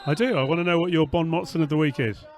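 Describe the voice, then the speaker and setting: A man's voice: a little high, quick pace. A man co-hosting outdoors at a football ground, giving good-humoured, self-deprecating live commentary on the play. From England. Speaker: podcast co-host. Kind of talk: casual live match commentary.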